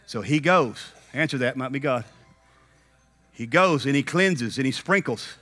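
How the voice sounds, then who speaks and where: A man preaching a dramatic sermon at a conference, swinging from quiet asides to shouted peaks and often checking in with the crowd. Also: medium pitch, expressive, unhurried, soft background music. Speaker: conference speaker.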